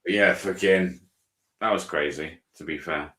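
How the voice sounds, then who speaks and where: A British man telling a story in casual live chat, animated and swearing a lot as he recounts it. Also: deep voice, measured pace. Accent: British English. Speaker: auditor streamer. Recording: roomy echo.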